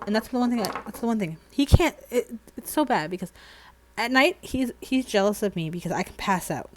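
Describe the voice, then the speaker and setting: A woman's voice: on the high side, a little fast, slight background noise, rough recording. Chatty woman streamer rambling casually. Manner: chatty, rambling, animated storytelling. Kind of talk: casual chat while doing nails.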